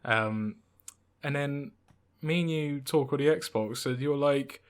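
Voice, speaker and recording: A man's voice: medium pitch, slow. Young man telling a rambling story. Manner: rambling, many fillers and restarts. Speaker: podcast co-host. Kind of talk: casual chat, storytelling.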